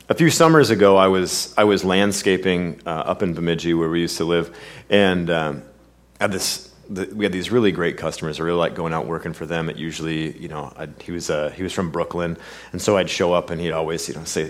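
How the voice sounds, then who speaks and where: A male pastor preaching a sermon, reading scripture with sweeping emphasis, then telling a personal story in an earnest, quiet way. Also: low voice, fairly quick.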